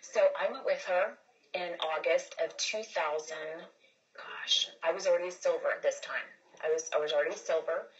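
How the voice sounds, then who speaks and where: Low-voiced woman telling her story earnestly. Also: normal speed, highs cut off. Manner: rambling, with many restarts and repeated words. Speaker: livestream host. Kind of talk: casual livestream testimony.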